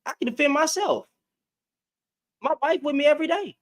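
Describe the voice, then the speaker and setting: A male livestream host with a very high voice talks at a moderate pace. In this casual commentary he addresses his chat directly, leaning on repetition and taunting.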